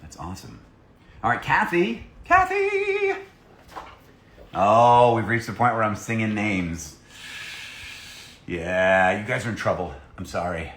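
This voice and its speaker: A man's voice: deep voice, a little slow, a bit bright, echoey room. A man, a voice actor, chatting playfully on a live stream while he signs autographs and reads out fan messages. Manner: playful and jokey, reading fan messages aloud. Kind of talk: casual live-stream chat.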